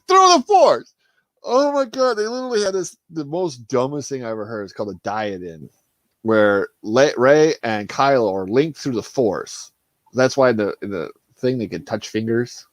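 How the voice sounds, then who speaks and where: Animated swearing man on a livestream. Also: medium pitch, moderate pace, no echo. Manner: animated, swearing, laughing, acting out movie scenes. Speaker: streamer. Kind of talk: casual chat on a livestream.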